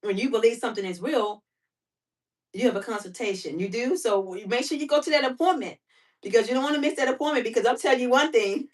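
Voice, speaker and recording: Livestream host, female, chatty and animated, quick to laugh, slightly high voice, sits back from the mic. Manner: animated, talkative, quick to laugh, fires off rhetorical questions. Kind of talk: casual livestream chat with viewers. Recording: voice somewhat far from the mic.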